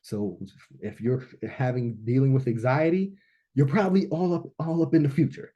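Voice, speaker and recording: Speaking at a launch event, a man with a warm, mellow, medium-pitched voice shares a personal story at a moderate pace, animated and frequently asking "right?" He sinks into hushed reflection before building to excited emphasis. The sound is lo-fi.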